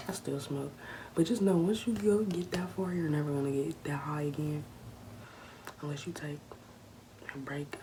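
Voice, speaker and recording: Low-voiced teen girl, hushed chatty storytelling. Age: late teens. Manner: hushed, half-whispered narration; casual, chatty, talks straight to viewers. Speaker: vlogger telling a story. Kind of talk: casual storytime monologue. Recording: noisy background ambience.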